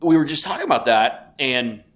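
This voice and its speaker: A man's voice: mid-range voice, sing-song, moderate pace, fairly bright tone. A man in his fifties, a podcast co-host, telling a rambling story in casual chat and swearing freely. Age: 50s.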